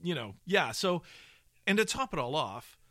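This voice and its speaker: A man's voice: on the high side, sing-song, moderate pace, bright, forceful tone, no room sound, clean studio sound. A man co-hosting a podcast, talking casually about voice work, rambling with many restarts and asides. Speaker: podcast co-host, audio professional.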